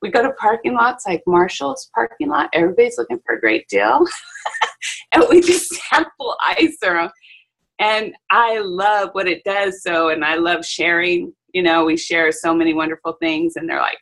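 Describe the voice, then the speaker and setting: A chatty salon owner talks over a video call, with a low, gravelly voice and a husky edge. She tells her stories in a lively way, full of "you know" and "um". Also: moderate pace, rough recording. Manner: chatty, animated storytelling with fillers. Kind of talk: casual chat on a video call.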